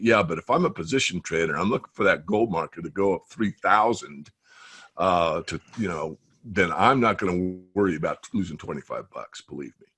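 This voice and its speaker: A man's voice: deep voice, a little fast, breathy edge. A man who grew up in the United States, a trader speaking as an interview guest, telling stories emphatically in a casual webinar chat. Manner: animated storytelling, emphatic. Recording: webinar call audio.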